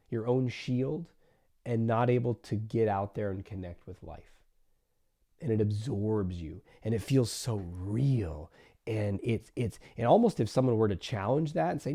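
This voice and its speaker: Man, therapist podcast host, mellow dark voice, explanatory solo talk, acts out inner voices. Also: lowish voice, animated, normal speed.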